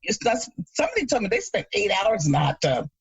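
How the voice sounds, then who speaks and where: A woman in her thirties from Jamaica, co-hosting a podcast and chatting casually, an animated storyteller who laughs often. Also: mid-range voice, quick pace, vocal fry, muffled recording, crowd noise. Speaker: podcast co-host. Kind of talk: casual chat.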